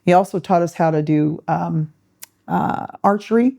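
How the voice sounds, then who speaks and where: Middle-aged woman, podcast host, casual storytelling, low mellow voice, animated quoted voices. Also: moderate pace, creaky. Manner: animated, acts out quoted voices, laughs often.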